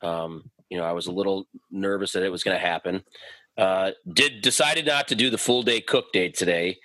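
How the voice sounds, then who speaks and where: A man's voice: deep voice, moderate pace, sharp tone, no echo, low-quality recording. A man hosting a podcast in easygoing casual chat. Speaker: podcast host.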